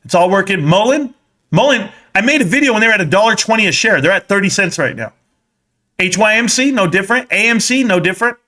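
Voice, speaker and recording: Hosting a live stream about stocks, a man fires back at his chat in a heated, combative way. His voice is high, bright and forceful, and his delivery stays punchy, confrontational, animated and fast.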